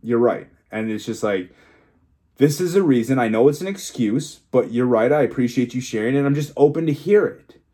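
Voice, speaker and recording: A man's voice: medium pitch, lively intonation, fairly quick, warm tone. Young guy rambling on his vlog, real emotional and frank, cusses a bunch. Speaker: fitness coach and vlogger. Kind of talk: candid solo vlog monologue.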